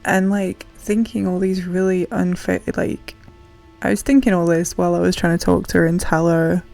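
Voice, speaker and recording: A woman's voice: lowish voice, flat delivery, normal speed, gravelly, darkish tone. A woman in her thirties streaming and chatting casually, sleepy, chatty and self-deprecating, often laughing mid-sentence. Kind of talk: casual chat while gaming. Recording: music playing faintly behind.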